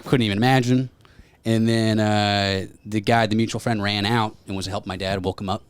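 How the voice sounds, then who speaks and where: A man's voice: fairly low pitch, moderate pace, smooth, dry recording. A man on a podcast telling a story in casual chat, acting out the people he quotes. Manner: animated retelling with quoted voices. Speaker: podcast co-host.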